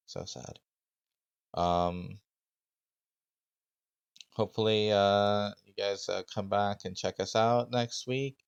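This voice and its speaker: Slow, very low-voiced man running a game. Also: vocal fry, no echo, dull audio. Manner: halting, many ums and uhs. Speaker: game master and streamer. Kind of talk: casual game mastering on stream.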